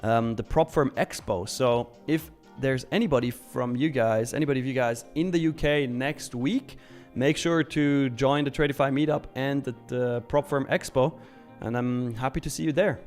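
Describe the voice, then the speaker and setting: A man's voice: mid-range voice, normal speed, hardly any pauses, darkish tone, faint music behind. A young man hosting a live stream, casually reading viewer messages aloud and answering them. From Switzerland. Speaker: live-stream trading host.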